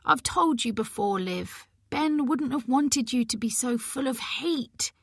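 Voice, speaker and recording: A woman voicing a gentle, grieving mother in her seventies who pleads softly and tearfully with her daughter. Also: fairly high pitch, measured pace, breathy edge, no room sound, clean studio sound, full character voice. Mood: pleading.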